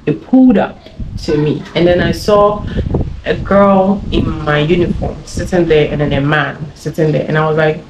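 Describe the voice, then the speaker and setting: A woman's voice: low-pitched, steady tone, normal speed, background noise. Young woman from Ghana, chatty YouTuber storyteller, rambling, echoey room. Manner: chatty, laughing, rambling with many fillers. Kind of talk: casual story time. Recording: echoey room with faint ambience.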